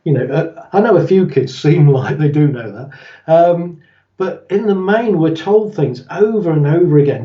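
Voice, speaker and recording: A man's voice: fairly high pitch, animated, moderate pace, muffled recording. Chuckling man, distant roomy sound. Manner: chuckles often, acts out quoted voices in stories. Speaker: interview guest explaining his method. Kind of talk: explanatory interview talk.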